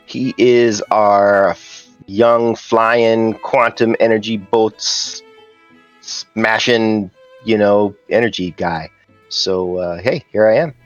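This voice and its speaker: A man introducing himself in a slow, rambling, jokey way. His video-call audio is dull and lo-fi, with faint music behind. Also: fairly low pitch, steady tone. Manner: loose, rambling and joking. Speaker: player.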